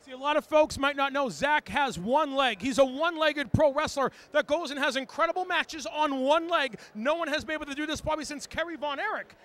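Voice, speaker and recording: Man host, very high voice, hyped announcer-style convention interviewer. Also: brisk, few pauses, fairly bright tone, slight background noise. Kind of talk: energetic fan-convention interviews. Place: outdoors at a wrestling fan convention.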